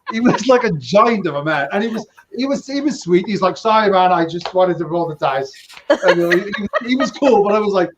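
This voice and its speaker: A casino dealer in his fifties hosts a podcast, rambling through casual stories with chuckles and acted-out dialogue. He talks fast in a high voice with lively intonation, and background noise is audible.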